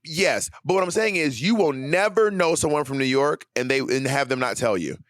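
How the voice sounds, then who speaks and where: A man's voice: a little high, normal speed, fairly bright tone, no echo, clean studio sound. A man co-hosting a podcast, teasing his co-host and repeating himself to press a point. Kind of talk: casual chat.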